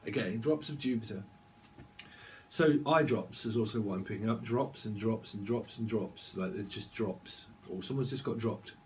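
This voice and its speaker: A man's voice: lowish voice, moderate pace, a little mellow, slight background noise. A man giving a channelled tarot reading, rambling and free-associating, laughing now and then. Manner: rambling, free-associating, sings snatches of songs. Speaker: tarot reader.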